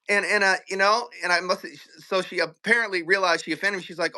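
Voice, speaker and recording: Bright-voiced man telling a profane story. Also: high-pitched, a little fast, few pauses. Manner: profane, animated, laughs often. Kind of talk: casual storytelling.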